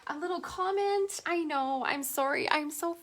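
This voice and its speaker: This painting instructor, a middle-aged Canadian woman, talks with viewers during a casual live tutorial, often breaking into giggles. Her voice is high and a bit bright, moving at normal speed.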